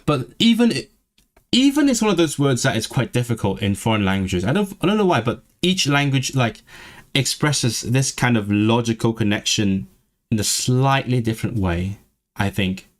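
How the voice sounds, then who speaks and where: A man hosting a casual language livestream, rambling, restarting his sentences and sounding out phrases slowly. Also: mid-range voice, expressive. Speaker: language channel host. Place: lives in England, streaming from home.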